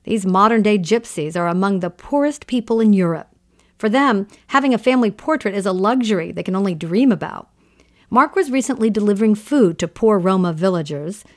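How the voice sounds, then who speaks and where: A woman hosts a radio news feature and reads her script in a smooth, even way. Her voice has a middle pitch. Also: a little fast. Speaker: radio host.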